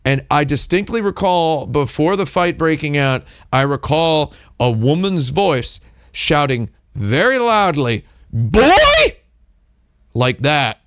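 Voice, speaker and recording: A man's voice: on the high side, expressive, unhurried, fairly bright tone, clean tone, no room sound, studio quality. A man hosting a casual livestream, rambling through a story with lots of fillers and restarts. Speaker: streamer host.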